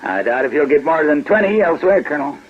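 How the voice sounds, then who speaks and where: A man playing a smooth, wry fraud detective. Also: fairly high pitch, animated, slight background noise, close to an everyday voice. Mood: coaxing. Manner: smooth, unhurried, politely mocking. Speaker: detective sergeant. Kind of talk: radio drama acting. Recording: dull lo-fi archive radio recording.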